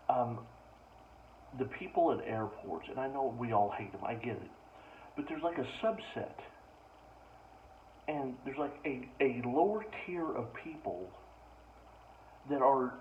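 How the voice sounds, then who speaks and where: A young man rants in exasperated disbelief, spinning casual comic stories. His voice sits at an ordinary middle pitch. The recording is distant and muffled, with a faint ambient hiss behind him. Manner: exasperated, ranting. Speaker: stand-up comedian. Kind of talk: casual comedic storytelling. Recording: distant mic, dull lo-fi sound, faint ambient noise.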